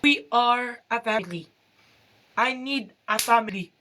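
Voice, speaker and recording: A Filipina woman with a Filipino accent, speaking halting, broken English in an angry appeal straight to her phone camera. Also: on the high side, pushed and bright, a little hiss or hum. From Philippines. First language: Tagalog. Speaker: vlogger.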